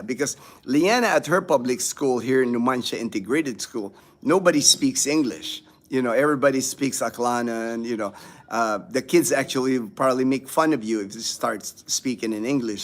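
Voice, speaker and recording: A man's voice: medium pitch, fairly bright tone. A man hosting a casual livestream, chatting with viewers and reading their comments, rambling with many fillers and restarts. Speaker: livestream host. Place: home in the Philippines.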